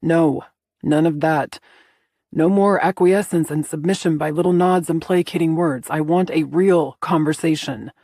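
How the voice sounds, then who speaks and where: A woman voicing a commanding alpha man who speaks low, firm and insistent. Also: fairly even intonation, measured pace, warm tone, no room sound, studio quality.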